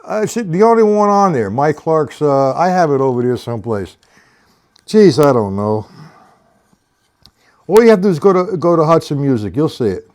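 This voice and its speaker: A man's voice: on the high side, very animated, moderate pace, pauses often, a little mellow. An older man giving a casual, rambling live-streamed drum lesson, counting beats aloud as he explains technique. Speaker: drum teacher.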